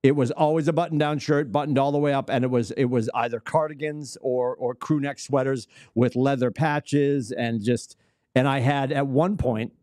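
A man with a New England accent hosting a casual sports podcast, animated and teasing, laughing often. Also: mid-range voice, normal speed, no echo, studio quality. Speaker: podcast host.

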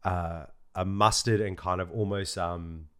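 A man's voice: low voice, steady tone, measured pace, a bit bright, smooth. A man co-hosting a podcast, chatting casually, laughing often and full of slang. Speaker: podcast co-host. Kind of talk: casual chat.

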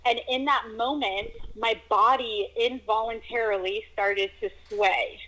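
A woman telling a personal story in a casual conversation, animated and acting out moments with exclamations. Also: a little high, a little slow, low-quality recording. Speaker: guest telling her story.

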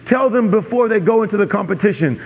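High-voiced preacher in a reverberant hall. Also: male voice, expressive, fast, vocal fry, slightly rough. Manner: emphatic, repeats key phrases, asks audience "are you with me". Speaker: pastor. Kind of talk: sermon.

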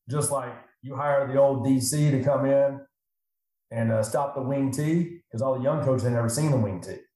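A middle-aged financial advisor talks casually and animatedly on a podcast, often acting out his clients' voices. His voice is medium-pitched and mellow. The room is very echoey.

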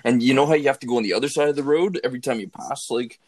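A man telling an excited, filler-heavy story in a casual online voice call. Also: medium pitch, rapid-fire. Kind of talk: casual chat.

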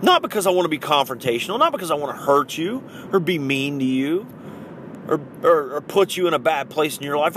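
A middle-aged man hosting a podcast, giving a blunt, forceful motivational talk with swings in pitch and loudness. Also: expressive, brisk, slight background noise. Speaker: podcast host.

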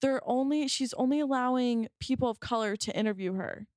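This podcast co-host's voice sits a little high with a darkish tone, and she speaks briskly, drifting through casual chat with frequent fillers and restarts. The audio is clean studio sound with no echo.

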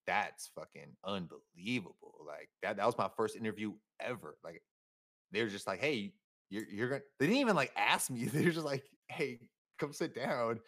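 A young man from San Francisco chats as a podcast guest in a low-pitched voice. He talks in loose slang, swears freely and rambles with a laugh here and there. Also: fairly bright tone. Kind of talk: casual chat.

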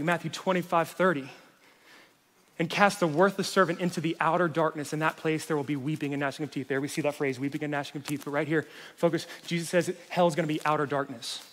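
A man preaching a sermon as a youth pastor, animated, swinging from loud to hushed. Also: on the high side, fast talker, big-room sound.

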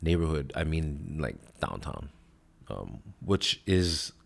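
A man hosts his podcast in a loose, casual ramble, with plenty of swearing along the way. His voice sits very low. He wanders from story to story without hurrying. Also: sing-song, slow, creaky. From Hawaii. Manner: rambling, heavy swearing, laid-back storytelling. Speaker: podcast host. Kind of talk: casual chat.

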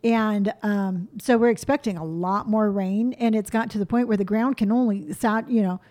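A woman from California chatting casually as host, talking quickly and freely. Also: mid-range voice, steady tone, mellow. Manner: quick, chatty, self-described fast talker. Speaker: YouTuber and host. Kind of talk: casual chat.

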